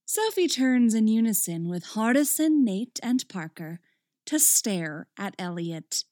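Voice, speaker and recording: A woman reads a story aloud with a wry, expressive delivery. Her voice is fairly high and swoops widely, and she takes an unhurried pace. The recording is dry and close. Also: no room sound. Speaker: story reader. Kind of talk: reading fan fiction aloud.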